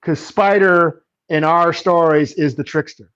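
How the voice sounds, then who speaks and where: A man's voice: on the high side, fairly even intonation, measured pace, a bit bright, clear, resonant tone. A man co-hosting a podcast in easygoing casual chat, with short replies and laughter. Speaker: podcast co-host. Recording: dull lo-fi sound.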